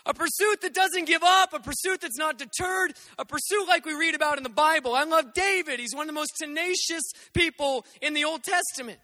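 A man in his thirties preaching a sermon, telling funny family stories in an animated way that swings from loud to hushed. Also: extremely high pitch, brisk, hardly any pauses, dry recording. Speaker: pastor.

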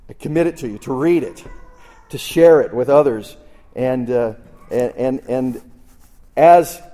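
A man's voice: mid-range voice, warm tone. Earnest man introducing a preacher. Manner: earnest, emphatic, halting. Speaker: host introducing a pastor. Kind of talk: live church introduction. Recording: echoey hall reverb.

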